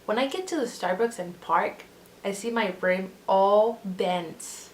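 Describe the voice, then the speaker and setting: A woman's voice: medium pitch, measured pace, slight background noise. A young woman telling a casual storytime vlog, rambling with lots of fillers. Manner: rambling, filler-heavy, full of "like". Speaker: vlogger.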